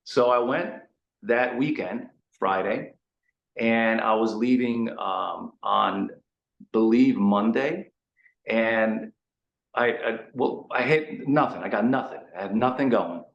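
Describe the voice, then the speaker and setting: A man with a low voice tells animated, rambling stories as a guest in a casual interview. He leans on fillers and restarts. The room around him rings with a noticeable echo. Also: slow pace, gravelly, lo-fi sound. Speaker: guest rock singer. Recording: roomy echo.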